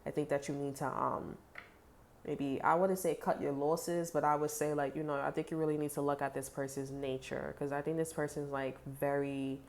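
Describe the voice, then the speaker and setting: A woman's voice: deep voice, little pitch movement, normal speed, a little mellow. A woman giving a casual tarot reading to viewers, chatty and blunt, swearing freely with lots of "like" fillers. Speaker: tarot reader.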